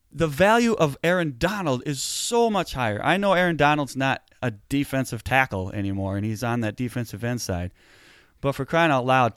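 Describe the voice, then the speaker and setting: A man co-hosting a casual football talk show, animated and getting heated as he argues his point. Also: medium pitch, smooth, no echo, studio quality. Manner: animated, gets heated and emphatic. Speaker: sports podcast co-host.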